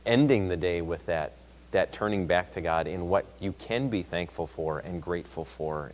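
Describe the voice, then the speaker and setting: Low-voiced male Sunday school teacher, chatty, builds emphasis, long church-room reverb. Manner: conversational, reads scripture aloud with rising emphasis. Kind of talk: Bible class teaching. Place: church classroom.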